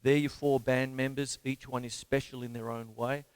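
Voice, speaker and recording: A man's voice: mid-range voice, flat delivery, moderate pace, smooth, dry recording. An Australian man hosting a live drum lesson, talking with rambling enthusiasm and scatting drum patterns and counting beats aloud. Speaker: drum teacher and show host.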